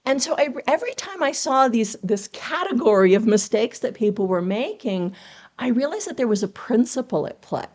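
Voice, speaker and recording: A woman's voice: a little high, big pitch swings, moderate pace, a little mellow. A woman who coaches memoir writing, a guest on a podcast interview, explaining writing principles in an earnest, teacherly way and asking rhetorical questions.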